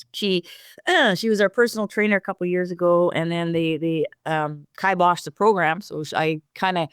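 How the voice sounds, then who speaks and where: Podcast cohost lady, lively storyteller, keeps restarting, dry mic. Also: fairly low pitch, smooth, dry recording. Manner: animated storyteller, frequent restarts. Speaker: podcast co-host. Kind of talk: casual conversation.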